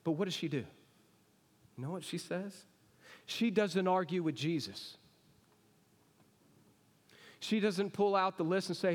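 A man's voice: sits high, unhurried, pauses often. A man preaching a sermon to a congregation, talking it through in a conversational way and often asking the people questions. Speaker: pastor. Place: church sanctuary. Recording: long reverb of a church hall.

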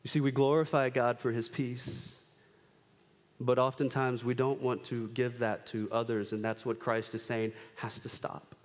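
A man in his thirties preaching a sermon, animated, acting out quick voices of kids and himself. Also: mid-range voice. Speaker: pastor. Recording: long hall reverb.

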